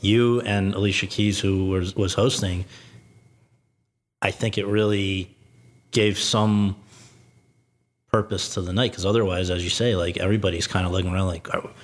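Low-voiced male interviewer, measured. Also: steady tone. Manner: measured, reads quotes, thinks aloud with restarts. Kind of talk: conversational interview.

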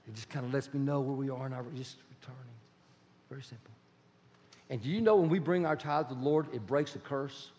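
A man preaching a sermon as pastor, animated and conversational, acting out little dialogues with his congregation. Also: medium pitch, brisk. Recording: long church hall reverb.

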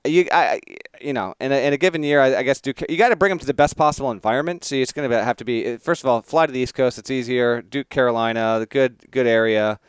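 A man's voice: mid-range voice, fast talker, few pauses, smooth, no echo, clean studio sound. A man co-hosting a casual sports podcast, playful and teasing, laughing easily as he talks. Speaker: podcast co-host.

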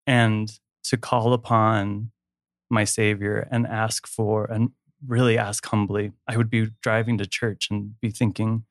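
A man's voice: on the low side, level tone, measured pace, no echo, studio quality. A man speaking candidly and emotionally as a guest in a personal conversation, laughing easily.

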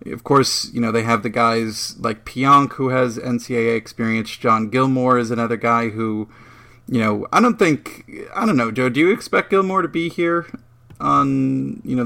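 Gravelly man co-hosting a sports podcast. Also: medium pitch, pushed and bright. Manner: laughing, self-mocking, stumbles over a word. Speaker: podcast co-host. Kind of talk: casual sports podcast chat.

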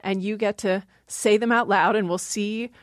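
A woman's voice: medium pitch, fairly even intonation, moderate pace, no room sound, studio quality. A woman linguist explaining language in an interview, often laughing as she talks. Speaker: linguist guest. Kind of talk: interview talk.

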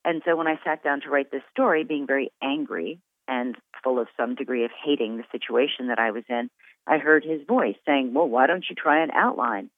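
A woman's voice: a bass voice, brisk, no echo. Woman author on a tinny phone line. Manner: frank and animated, with filler words and restarts. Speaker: author guest. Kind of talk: candid conversational storytelling, then reading her own fiction aloud.

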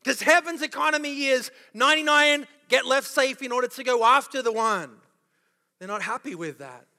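A man's voice: very high voice, moderate pace, sharp tone. A man preaching a sermon as pastor, passionate and full of rhetorical questions, with a touch of sarcasm. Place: church auditorium. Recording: long reverb of a large hall.

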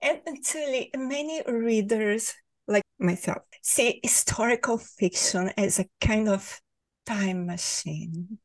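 A woman hosting a podcast, asking interview questions in a measured, encouraging way. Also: mid-range voice, dry recording. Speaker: podcast host.

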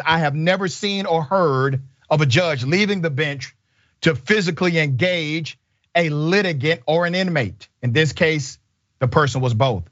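A man hosting a commentary show, with an emphatic, indignant delivery full of rhetorical questions. His voice sits a little high. The sound is dry and slightly dull. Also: fairly bright tone, no echo. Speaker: show host.

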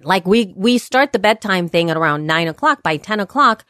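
A woman in her thirties co-hosting a podcast, telling family stories in casual chat and getting animated when she quotes people. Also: medium pitch, moderate pace, few pauses, no room sound, clean studio sound. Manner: chatty storyteller, animated when quoting. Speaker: podcast co-host.

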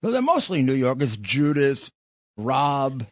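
Husky-voiced male talk host, lively pitch. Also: unhurried, no room sound. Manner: rambling, blunt, with frequent restarts. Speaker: podcast host. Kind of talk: casual political talk.

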